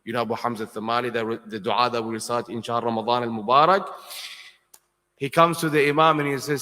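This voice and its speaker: A man's voice: fairly even intonation, brisk, sharp tone. A man preaching a Muharram sermon, speaking with passion and asking his listeners questions directly. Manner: impassioned, rising into high emotional cries when telling tragic stories; asks the audience questions directly. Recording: long hall reverb.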